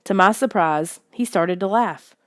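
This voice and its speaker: A woman reading a first-person story aloud in steady, even narration. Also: medium pitch, measured pace, dry recording, clean studio sound. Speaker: audiobook reader.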